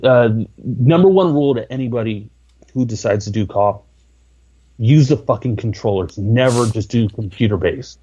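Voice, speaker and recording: A man's voice: mid-range voice, moderate pace, warm tone, slightly rough, muffled recording. A man talking as a podcast guest, rambling with lots of filler words. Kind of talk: casual interview talk.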